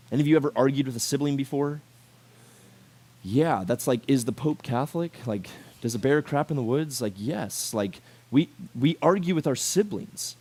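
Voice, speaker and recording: A man preaching a casual youth sermon to high schoolers, animated and conversational, full of rhetorical questions and filler words. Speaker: youth pastor.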